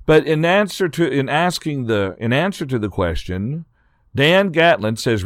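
A man's voice: mid-range voice, very animated, a little slow, no room sound, clean studio sound. A man hosting a casual Bible study discussion, talking in a conversational way and reading out listener questions. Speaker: host.

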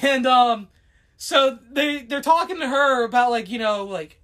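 Woman, podcast co-host, high voice, bright, animated, rambling casual chat, lots of fillers. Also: unhurried. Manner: rambling, full of fillers and laughter.

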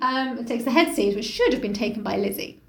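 A woman's voice: a little high, creaky, a little hiss or hum. A woman co-hosting a podcast, recapping a story in casual, sarcastic chat and acting out the characters. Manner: animated, sarcastic, acts out characters in quick voices. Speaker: podcast co-host. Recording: echoey room.

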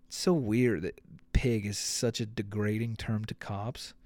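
A man's voice: fairly low pitch, steady tone, unhurried, a little mellow, dry recording. A man hosting a podcast, ranting in a casual, comedic and profane way and acting out quotes. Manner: profane, rambling, acts out quotes. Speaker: podcast host.

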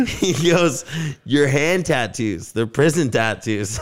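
A man co-hosting a podcast, telling stories in an animated, swearing, casual way and acting out what others said. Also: medium pitch, slow pace. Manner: animated storyteller, swears a lot, acts out quotes. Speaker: podcast co-host. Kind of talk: casual chat.

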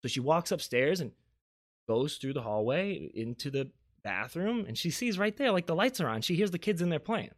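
A man from South Carolina hosting a podcast and telling a spooky story in casual chat, animated, swinging between loud and hushed. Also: a little high, normal speed. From Beaufort, South Carolina. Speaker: podcast host.

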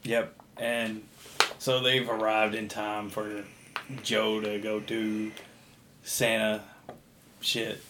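Man, lower voice, casual movie podcast, profane plot recap, faint noise behind. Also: monotone. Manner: profane, recaps the plot with quick acted quotes. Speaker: podcast co-host.

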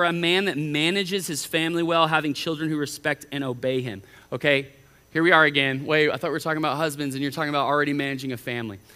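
A middle-aged man, a college pastor preaching a sermon in an animated way, often acting out the voices of the people he quotes. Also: fairly high pitch. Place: church auditorium. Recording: reverberant church hall.

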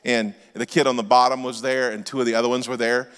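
A man in his forties, a pastor telling comic stories in a sermon and shouting his punchlines. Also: mid-range voice, fast, clear, resonant tone. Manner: animated storyteller, shouting punchlines. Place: church auditorium. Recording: long hall reverb.

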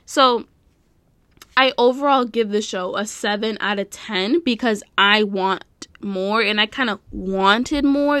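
A woman's voice: mid-range voice, fairly bright tone, no echo. A young adult woman giving a casual review vlog, rambling, easily distracted and often stopping to correct herself.

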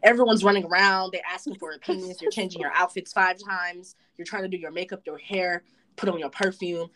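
A woman's voice: fairly low pitch, fairly even intonation, brisk, a bit bright, slight background noise. A young woman co-hosting a casual podcast chat, telling stories about her friends bluntly and with lots of swearing, and acting out what they say. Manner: blunt, profane storytelling; acts out friends' lines in quotes. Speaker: podcast co-host.

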